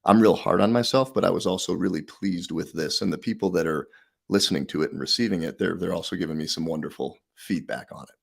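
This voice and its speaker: Guest: middle-aged man, low husky voice, lively storyteller. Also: fast. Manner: animated storyteller, acts out quotes. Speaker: podcast guest, author. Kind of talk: casual interview chat.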